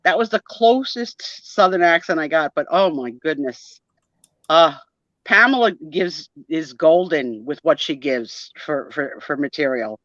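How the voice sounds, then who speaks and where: A woman's voice: low voice, animated, measured pace, fairly bright tone, no room sound. A middle-aged woman with a New Jersey accent, chatting animatedly as a guest on a live stream and laughing often. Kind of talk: casual chat. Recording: dull lo-fi stream audio.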